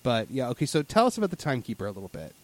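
A man's voice: mid-range voice, big pitch swings, rapid-fire, no echo. A man co-hosting a casual chat, rambling with many fillers and restarts. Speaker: podcast co-host.

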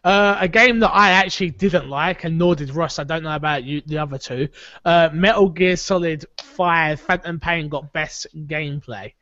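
A man hosting a casual podcast chat, talking in an animated, opinionated way. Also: a little high, moderate pace, no echo. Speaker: podcast host. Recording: dull lo-fi audio.

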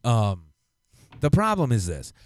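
A man co-hosting a podcast, ranting in a casual, profane, animated way. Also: mid-range voice, measured pace, no echo, clean studio sound. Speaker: podcast co-host. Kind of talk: casual chat.

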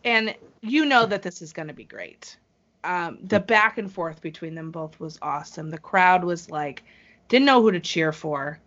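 A woman chatting casually as a podcast co-host, an excited fan talking quickly with frequent restarts. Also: fairly low pitch. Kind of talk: casual chat. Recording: slightly dull lo-fi audio.

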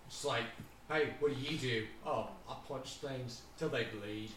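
A man's voice: medium pitch, measured pace, fairly bright tone, far from the mic, a little hiss or hum, close to an everyday voice. A man voicing a chatty, offbeat alien who rambles off on jokey tangents. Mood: rambling. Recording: very echoey room, voice off-mic.

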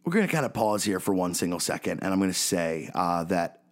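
A man's voice: low-pitched, big pitch swings, fairly quick. A man with a Philadelphia accent hosting a podcast, talking casually and often checking in with "right?" and "okay?". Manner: chatty, frequent "right?" and "okay?" check-ins. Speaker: podcast host.

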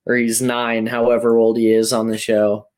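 A man co-hosting a podcast, talking casually with frequent pauses and fillers. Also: mid-range voice, completely flat delivery, a little mellow. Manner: halting, full of "like" and "um". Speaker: podcast co-host. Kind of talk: casual chat.

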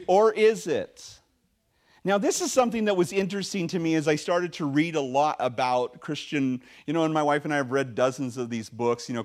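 A male pastor delivers a sermon in a lively, conversational style, often using fillers and restarting his sentences. His pitch sits fairly high.

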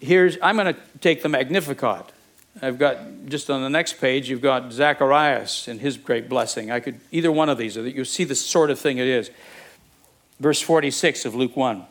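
A man's voice: medium pitch, moderate pace, fairly bright tone. A man delivering a sermon as pastor, in a conversational preaching manner with jokes and asides.

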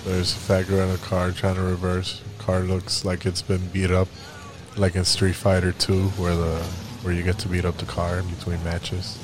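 A man's voice: low-pitched, monotone, normal speed, noisy background. A man co-hosting a podcast, reacting bluntly to news clips with frequent swearing and laughter. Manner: blunt, profane, laughs a lot. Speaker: podcast co-host.

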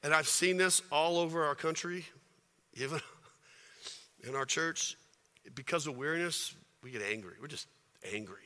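A man preaching a sermon to his congregation, chatty and full of rhetorical questions, building to forceful passages. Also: a little high, moderate pace, pauses often. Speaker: pastor. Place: church sanctuary. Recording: reverberant hall.

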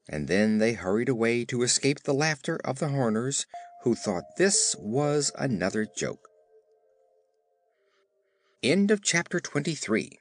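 Expressive male audiobook narrator. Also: medium pitch. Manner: expressive storytelling. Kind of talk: scripted narration.

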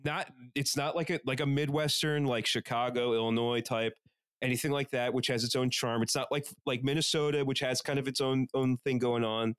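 A man's voice: mid-range voice, brisk, clean tone, dry recording. A man with a Northeastern US accent co-hosting a podcast, bantering in a rambling, profane style from a couch at home. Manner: rambling, profane, animated storytelling. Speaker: podcast co-host.

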